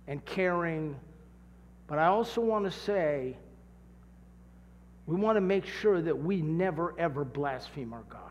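A man preaches in a high, carrying voice, taking his time over every phrase. He tells stories and punctuates them with sudden shouts and long, stretched-out words. The sound rings with the long reverb of a large hall. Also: lo-fi sound. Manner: storytelling, with dramatic shouts and drawn-out emphasis. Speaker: pastor. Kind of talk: sermon.

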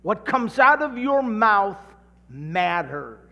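Man, pastor, from California, middle-aged, high voice, slow and deliberate, animated storytelling, long hall echo. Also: gravelly, dull audio. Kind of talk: sermon with personal story.

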